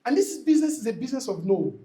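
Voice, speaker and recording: A man's voice: very high voice, big pitch swings, racing, mellow. A man giving a motivational talk to a live audience at a real estate event. He is emphatic and repetitive and often calls out to the crowd. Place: event hall before an audience.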